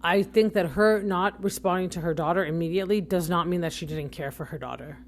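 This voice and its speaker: A young adult woman with a fairly low voice speaks a little fast as she hosts a podcast. Her casual opinion commentary is chatty and rambling, full of self-corrections.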